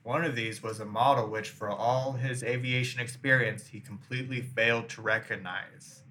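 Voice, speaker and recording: A man's voice: medium pitch, steady tone, moderate pace, sharp tone. A young man hosting a casual chat, telling a mystery story full of "like" and "um", then reading out the facts. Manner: filler-heavy, reads facts then riffs. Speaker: podcast host.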